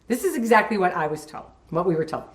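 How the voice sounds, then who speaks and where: A woman recounting a studio incident in a lively storytelling manner. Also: fairly low pitch, fast talker, echoey room. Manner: lively, acts out quoted voices. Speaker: interviewee recalling a studio incident. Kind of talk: anecdotal storytelling.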